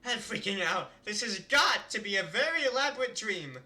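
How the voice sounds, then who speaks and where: A man's voice: high-pitched, sing-song, moderate pace, pushed and bright. A male streamer reading a visual novel aloud and chatting about it in a rambling way, often laughing.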